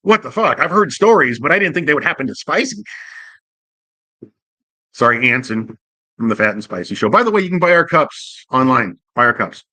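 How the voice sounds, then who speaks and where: A man hosting a show who tells a profane, jokey anecdote in a casual and animated way. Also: medium pitch, normal speed, long pauses, no echo. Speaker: host. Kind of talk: casual comic storytelling.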